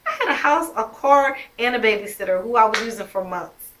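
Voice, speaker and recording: A woman's voice: fairly high pitch, animated, fairly quick, background noise. A young woman telling her own story as a mother, emphatic and heated, swearing often. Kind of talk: emotional personal storytelling.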